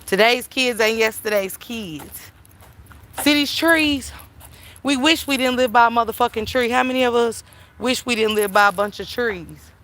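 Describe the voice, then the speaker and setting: A middle-aged woman hosting a livestream, telling stories in an animated, emphatic way, with plenty of swearing, while she walks outdoors and talks into her phone. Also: fairly high pitch, normal speed, slight background noise. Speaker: livestream host. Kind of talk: casual storytelling chat. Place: outdoors, walking through town.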